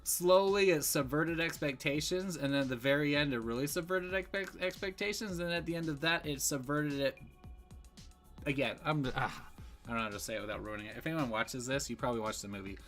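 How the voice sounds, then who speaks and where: A man's voice: fairly high pitch, fairly quick, fairly bright tone, faint music behind. A man giving a casual, rambling movie review, full of fillers and restarts.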